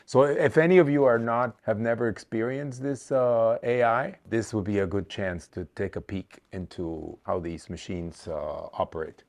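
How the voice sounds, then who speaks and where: Man, lowish voice, workshop instructor; patient, explanatory, thinks aloud with fillers. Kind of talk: teaching a workshop.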